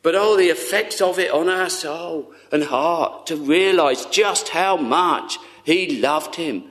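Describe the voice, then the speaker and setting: Slow, tender-voiced male preacher. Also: a little high. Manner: earnest, tender, slow with long pauses, often dropping to a hush. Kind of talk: sermon.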